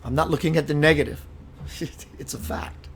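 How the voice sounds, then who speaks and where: Male host of a live spiritual show, emphatic and preacherly, a bit high-pitched, faint music underneath. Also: normal speed, creaky. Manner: emphatic, preacherly, calls viewers sister and brother. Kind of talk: live-streamed spiritual talk reading viewer comments.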